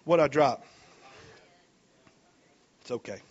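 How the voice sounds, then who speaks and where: A man preaching a sermon, reading scripture slowly and adding folksy comments between verses. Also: mid-range voice, slightly rough, dull audio. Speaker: pastor.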